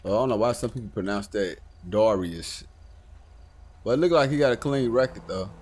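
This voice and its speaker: A man casually commenting on a live game stream, talking to himself with swearing and sudden loud outbursts. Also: on the low side, a little fast, breathy edge.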